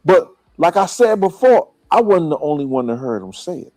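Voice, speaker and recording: A man's voice: on the high side, sing-song, normal speed, darkish tone, no room sound. A man recounting a personal story in casual slang, played from an interview clip. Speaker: interview guest.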